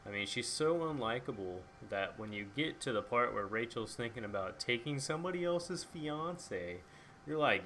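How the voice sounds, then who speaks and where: Young male vlogger, lower voice, loose and profane, faint background hum. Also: animated, bright, forceful tone. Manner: casual, swears freely, lots of fillers; acts out characters' lines in quick asides. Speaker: book reviewer. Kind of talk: casual book and movie review.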